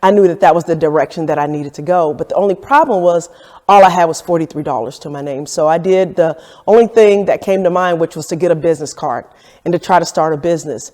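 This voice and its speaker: A woman's voice: low-pitched, fast talker, dark tone. Reflective woman telling her story. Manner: candid, reflective storytelling with acted-out quotes. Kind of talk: documentary storytelling interview. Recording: echoey room with long reverb.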